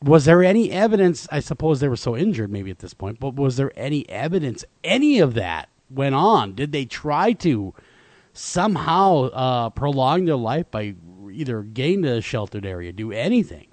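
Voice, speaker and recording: A man's voice: medium pitch, big pitch swings, normal speed, a little mellow, dry recording. A man hosting a talk radio show, chatting casually with many fillers and restarts. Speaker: radio host.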